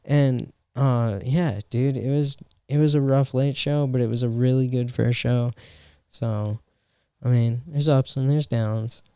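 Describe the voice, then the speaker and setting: A man's voice: medium pitch, steady tone, a little slow, dark tone, clean tone, no echo, studio quality. A young adult man telling a story in casual podcast chat, swearing often and full of fillers. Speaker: podcast co-host and stand-up comedian.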